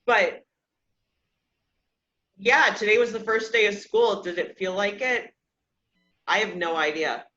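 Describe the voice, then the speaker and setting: Thirtysomething woman podcast host, chatty and self-mocking, crisp bright tone. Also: medium pitch, takes it slowly, pauses often. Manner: candid, self-deprecating, often laughs at herself. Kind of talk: casual personal storytelling. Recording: slightly dull lo-fi sound.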